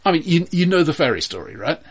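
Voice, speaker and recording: A man running through a film chart in a casual chat with a friend. He speaks in a measured, hesitant way, pausing often on ums and uhs. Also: a little high, very animated, husky. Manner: measured, hesitant, many fillers. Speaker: podcast co-host presenting a chart.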